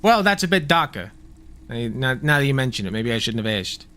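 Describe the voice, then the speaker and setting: A man's voice: medium pitch, sing-song, brisk, sharp tone. A man streaming a video game, reacting with profane, joking asides in casual commentary.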